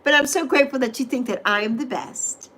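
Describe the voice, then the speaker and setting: A middle-aged woman hosts a casual livestream, greeting viewers by name and gushingly repeating affectionate phrases. Her voice is high-pitched, pushed and bright, and she talks fairly quickly.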